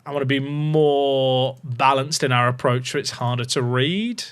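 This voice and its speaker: A man's voice: medium pitch, a little slow, clear, resonant tone. A man, chatting to his viewers while streaming a game, swinging between casual chat and mock panic. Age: 30s. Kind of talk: live-stream gaming chat.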